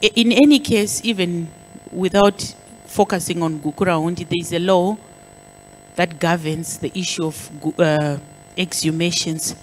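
Woman official giving a formal speech, lowish voice, slow careful delivery with lots of pauses. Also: steady tone, a little hiss or hum, low-quality recording. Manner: deliberate, measured, with frequent pauses and stresses on key words. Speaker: government official. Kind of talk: formal public address.

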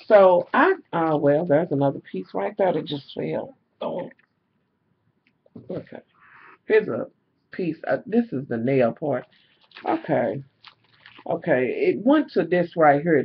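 A man's voice: on the high side, a little hiss or hum. A man chatting casually to camera in a vlog, swearing freely and venting in an exasperated way with lots of fillers, recorded indoors at home on a camera mic. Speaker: vlogger selling jewelry. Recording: dull lo-fi camera audio.

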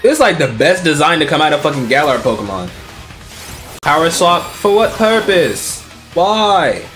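A man streaming a video game, reacting with excitable, profane commentary and mocking the characters. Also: on the high side, unhurried, soft background music. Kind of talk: let's play commentary.

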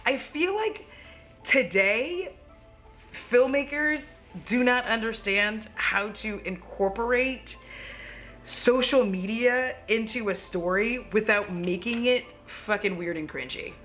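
A woman in her thirties giving a casual, chatty movie review at home, animated and quick to laugh and swear. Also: on the high side, faint music behind.

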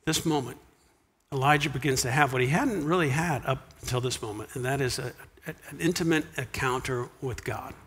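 Bright-voiced preacher in a reverberant hall. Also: male voice, medium pitch, brisk, slightly rough. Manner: animated preaching, drops to a hush for quiet lines. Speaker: pastor. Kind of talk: sermon. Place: church sanctuary.

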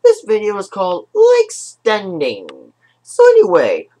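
A woman hosting a casual watch-along, rambling and giggly, often saying "so anyway," her voice cracking up into a squeaky high register. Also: wildly swooping pitch, measured pace, warm tone. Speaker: channel host.

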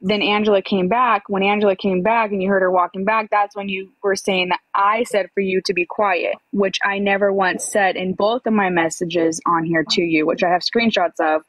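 A woman with a mid-range voice moderates a livestream chat. She lays out her complaint calmly and point by point. The sound is dry and close. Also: medium pitch, dry recording, rough recording. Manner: measured, explains point by point.

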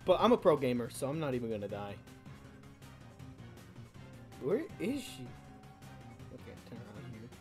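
A woman's voice: extremely low pitch, very animated, normal speed, pauses often, slightly rough, faint music behind. A young woman hosting a gaming channel, giving playful, jokey, self-mocking commentary over her gameplay.

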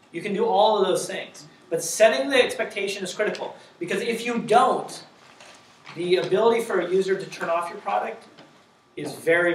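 A man giving a conference talk, lively and joking, asking the audience rhetorical questions. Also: high-pitched, echoey room, recorded from a distance, a little hiss or hum. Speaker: conference speaker.

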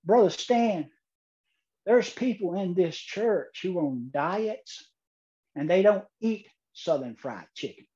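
A kindly pastor , played by a man, unhurried and soothing. His warm tone comes through muffled, lo-fi audio. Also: high voice, animated. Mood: consoling. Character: kindly older male Southern pastor.

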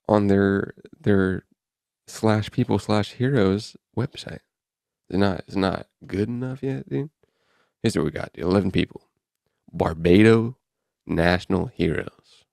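Reading news headlines aloud, a male podcast host riffs on them in a casual, dry-humored way. He has a lowish, gravelly, darkish voice, captured in a dry, clean studio recording.

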